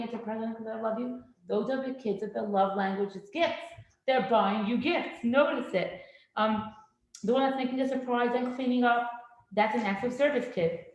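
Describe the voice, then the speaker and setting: A middle-aged woman teaching a parenting class in a classroom, lively and acting out children's voices. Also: medium pitch. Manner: animated, acts out children's voices. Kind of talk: classroom lecture. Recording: very echoey room.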